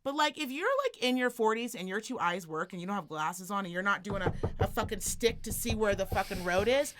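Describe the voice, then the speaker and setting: A woman co-hosting a podcast, telling a story as a profane, animated rant and acting out the people in it. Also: medium pitch, fairly quick, background noise. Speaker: podcast co-host.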